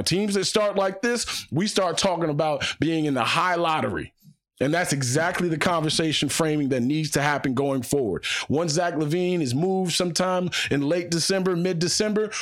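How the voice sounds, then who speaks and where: Fired-up male sports podcast host. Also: fairly high pitch. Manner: fired-up, emphatic, repeats phrases for punch. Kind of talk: solo podcast commentary.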